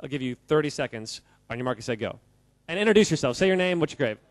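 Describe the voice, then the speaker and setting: A man giving an animated, jokey talk to a live audience, quizzing the crowd and often laughing. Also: mid-range voice, fast talker, no room sound. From United States. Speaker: speaker addressing a live audience. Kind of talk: lively audience-interactive talk.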